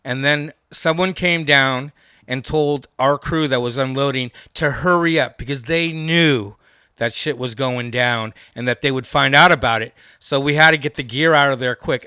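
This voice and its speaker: A man in his fifties, a guest in a casual chat, recounting touring memories in a steady, detailed way. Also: medium pitch, normal speed, clean tone, no room sound, studio quality.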